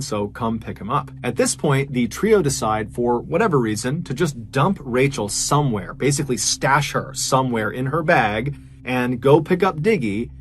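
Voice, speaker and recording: Podcast guy narrating a true crime story, chatty, normal pitched voice, keeps the suspense going. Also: slight background noise. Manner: conversational, building suspense.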